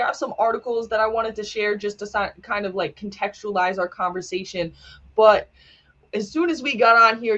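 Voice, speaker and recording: A woman's voice: mid-range voice, a bit bright. Chatty woman host, dull lo-fi audio. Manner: chatty, laughs often, playful. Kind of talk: casual interview chat. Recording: dull lo-fi sound.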